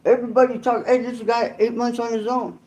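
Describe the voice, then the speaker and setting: A man's voice: extremely high pitch, level tone, brisk, a little mellow, lo-fi sound, voice pushed up. A man voicing his big, burly uncle, a fellow inmate, who teases in clipped, drawling slang. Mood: amused.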